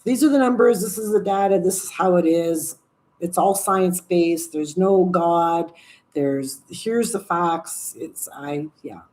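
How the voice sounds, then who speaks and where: Chatty, mellow-voiced woman in her sixties. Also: lowish voice, a little slow. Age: 60s. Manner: chatty, rambling, swearing, reading viewer comments. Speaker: livestream host. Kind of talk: casual live chat.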